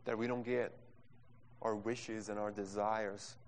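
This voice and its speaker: A man's voice: lowish voice, little pitch movement, a little slow. A man preaching a sermon as pastor into a microphone, with passionate delivery and phrasing. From Brazil. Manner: impassioned preaching, non-native phrasing, acts out quotes. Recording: long reverb from a hall.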